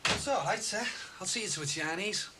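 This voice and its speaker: A man's voice: high voice, animated, fairly quick. An actor playing a cocky man who teases and brags about his money. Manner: smug, teasing, boastful. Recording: noisy TV broadcast sound.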